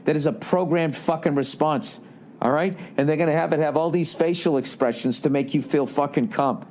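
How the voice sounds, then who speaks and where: A man's voice: mid-range voice, darkish tone, a little hiss or hum. A man hosting a podcast, ranting with heavy swearing and sarcasm and reading listener letters aloud. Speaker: podcast host. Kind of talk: casual podcast monologue.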